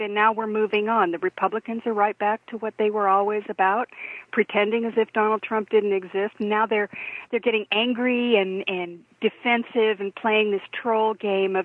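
A woman calling in to a political talk show. She talks in an animated, incredulous way and laughs between her points. She comes through a thin, tinny phone line with a dry sound. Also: medium pitch, moderate pace, no room sound. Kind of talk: political commentary chat.

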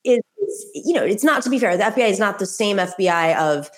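A woman's voice: medium pitch, lively intonation, fast. A woman hosting a political talk show, chatting casually with many restarts and fillers.

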